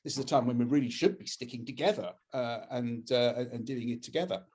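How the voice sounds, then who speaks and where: English male campaigner, husky voice, opinionated webinar talk over a video call. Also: medium pitch, brisk, a little mellow. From England. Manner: earnest and opinionated, with frequent restarts. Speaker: campaigns head speaking at a webinar. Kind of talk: political talk.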